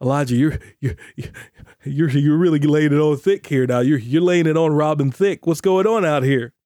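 A pastor delivers a podcast sermon at a moderate pace, his warm, mellow voice sitting a little high for a man. He preaches emphatically, drawing out key phrases when he stresses scripture. The recording is dry and close-miked, with no room sound or echo.

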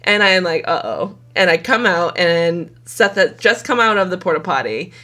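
A woman's voice: lowish voice, lively intonation, normal speed, bright, forceful tone. A young woman co-hosting a podcast, telling a story animatedly in casual chat and swearing a lot. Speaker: podcast co-host.

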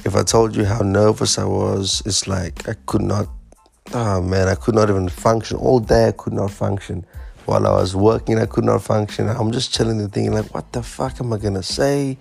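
A man casually telling a story about his first stand-up gig, animated and swearing as he acts out his panic. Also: on the low side, normal speed, vocal fry, slightly rough, soft background music. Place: Fremantle area, Western Australia.

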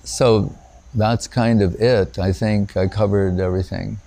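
A man's voice: fairly low pitch, steady tone, a little slow, creaky, warm tone. Man giving a rambling anecdotal talk. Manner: rambling and anecdotal, frequent "you know", breaks off and restarts; chuckles at his own stories. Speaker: spiritual teacher. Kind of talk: informal spiritual talk.

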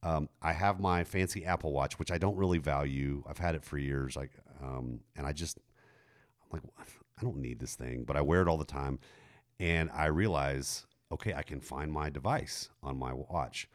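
A middle-aged man, telling a story in casual chat, jumping high in pitch when he quotes a woman. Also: moderate pace. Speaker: podcast co-host telling a story.

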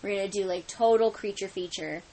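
A woman's voice: mid-range voice, fairly quick, warm tone, rough recording. A woman co-hosting a casual podcast, talking in a rambling, jokey way, a little tired. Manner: rambling, jokey, tired late-night talk. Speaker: podcast co-host. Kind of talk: casual chat.

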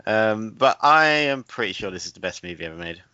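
Jokey man with a bright, dull-toned voice. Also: fairly low pitch, expressive, brisk. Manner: jokey, laughs often, voices characters in retelling. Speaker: podcast co-host. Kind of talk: casual movie review chat. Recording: dull lo-fi, dry sound.

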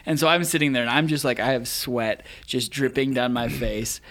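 A young man telling a funny, embarrassing story in a relaxed, chatty way. His voice sits in the middle range and he laughs through the telling. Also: mid-range voice, moderate pace. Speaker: guest storyteller. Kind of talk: casual storytelling.

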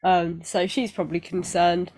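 A woman's voice: lowish voice, flat delivery, moderate pace, darkish tone. A woman co-hosting a casual podcast, rambling and self-deprecating with lots of fillers, getting over feeling unwell. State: recovering from illness. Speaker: podcast co-host. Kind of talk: casual chat.

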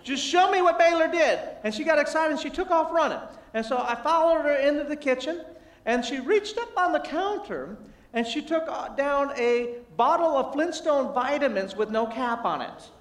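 A man with a strikingly high voice delivers a humorous motivational sermon, jumping in pitch as he tells a family story with self-deprecating jokes. The sound is roomy and echoey, and the mic sits at a distance. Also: lively intonation, moderate pace.

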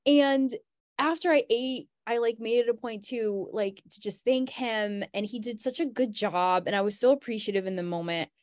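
A woman's voice: on the high side, moderate pace, no room sound, studio quality. A young adult woman, a podcast guest, telling a personal story in casual chat, saying "like" often and laughing as she goes.

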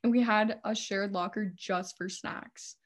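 A young woman in casual conversation tells stories with lots of energy and frequent swearing. Her voice sits at a middling pitch for a woman. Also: a little slow. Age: young adult. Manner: animated storytelling, swears a lot. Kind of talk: casual chat.

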